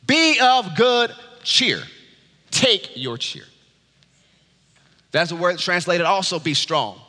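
Pastor guy preaching, high bright voice, goes loud then drops to a hush, big hall echo. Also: big pitch swings, slow pace. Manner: preaching with wide swings from loud high urging to low hush. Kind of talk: sermon.

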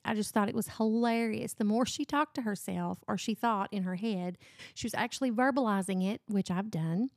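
A woman's voice: mid-range voice, a little mellow, no room sound, clean studio sound. Gushing middle-aged woman book podcaster. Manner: gushing, enthusiastic. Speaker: book review podcast host. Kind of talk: casual chat and book review.

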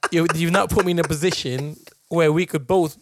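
Podcast co-host: young guy, slightly high voice, dry close sound, acts out his stories. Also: fairly quick, no room sound. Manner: animated storyteller who acts out quotes in slang. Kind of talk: casual chat.

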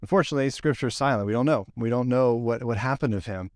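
A man preaching a casual, conversational sermon, telling the story with lively acted-out quotes. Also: mid-range voice, fast, no room sound, clean studio sound. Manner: animated storyteller, acts out quoted lines. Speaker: pastor.

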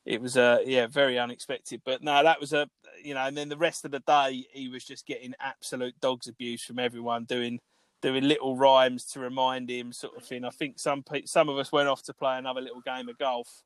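A man's voice: medium pitch, little pitch movement, brisk, a bit bright, no echo. A man, co-hosting a podcast, telling a long rambling story with plenty of swearing, fillers and restarts. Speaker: podcast co-host. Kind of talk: casual storytelling chat.

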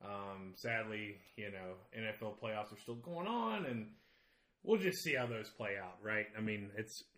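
A man's voice: on the low side, animated, a little slow, a bit bright, echoey room. A man with a Southern accent hosting a podcast, chatting casually in a rambling, joking, profane way. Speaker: podcast host.

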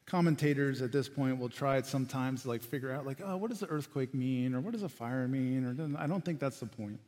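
A man preaching a sermon as pastor, animated, acting out quotes and dropping to quiet lines. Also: medium pitch, a little fast, long reverb tail.

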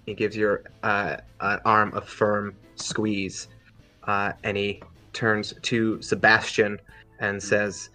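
A man narrating a tabletop game as game master, telling the story in a relaxed way with many fillers. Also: fairly low pitch, slow pace, soft background music.

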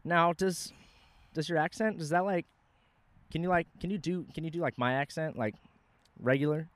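A man's voice: on the high side, moderate pace, no room sound. A man hosting a casual podcast, talking in a rambling, profane way with frequent laughs, outdoors in a park. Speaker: podcast host.

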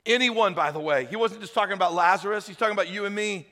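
A man preaching a sermon as pastor, telling the story with acted voices, loud shouted peaks and hushed appeals. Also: high voice, fast, few pauses, in a large hall. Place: church hall.

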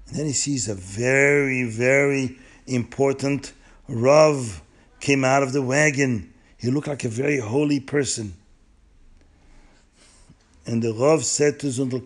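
A man telling a story to children and drawing a moral lesson, animated and emphatic. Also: medium pitch. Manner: animated, emphatic, drawn-out words.

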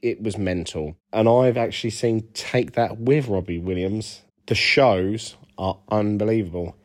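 A man, a band's singer and bassist, answering interview questions in rambling, sweary, self-deprecating banter. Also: unhurried. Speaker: band bassist and lead vocalist, interview guest.

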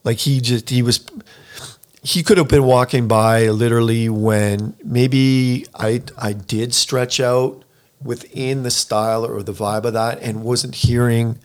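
A man in his fifties, a professional pianist, chatting casually and telling a lively anecdote. He acts out other people's lines and says "like" a lot. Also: medium pitch, a little slow. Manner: animated storyteller who acts out other people's lines, heavy use of "like". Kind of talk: casual conversation, storytelling.

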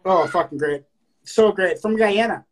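A man's voice: sits high, moderate pace, low-quality recording. A man in his late thirties co-hosting a poetry show in casual chat, rambling with stammered restarts and plenty of swearing. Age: late 30s.

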